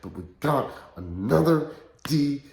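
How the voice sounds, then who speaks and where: A man's voice: on the high side, expressive, takes it slowly, vocal fry, darkish tone. Man talking casually in an echoey room. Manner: blunt, conversational, frank opinions with filler words. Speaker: podcast host. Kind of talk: casual wrestling recap commentary.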